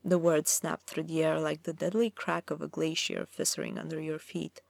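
A woman's voice: low voice, little pitch movement, moderate pace, gravelly, no room sound. A woman narrating a dramatic fantasy story aloud, reading expressively.

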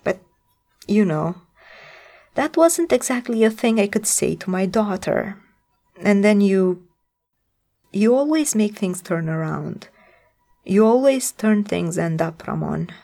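Lady reading gruff tired guy, halting and wary, slow, kinda gravelly. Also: high-pitched, expressive, mellow, exaggerated voice. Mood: gruff rueful. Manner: halting, restarting confession. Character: gruff weary man, wary and self-deprecating.

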